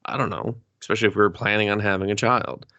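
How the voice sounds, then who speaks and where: A man with a low, gravelly voice recaps a movie in casual, profane banter. His tone is bright and edgy, and he slips into exaggerated voices for the characters. The sound is close and dry. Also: fast, no echo, lo-fi sound. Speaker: podcast co-host.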